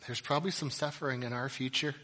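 A male pastor delivering a sermon, swinging between loud, emphatic passages and quiet, reflective ones. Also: medium pitch, fairly even intonation, quick pace, big-room sound.

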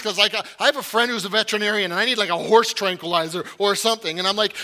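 Male pastor, high bright voice, chatty and self-deprecating, humorous sermon delivery. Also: racing, hardly any pauses. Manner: chatty, self-deprecating storytelling with many "right?" asides.

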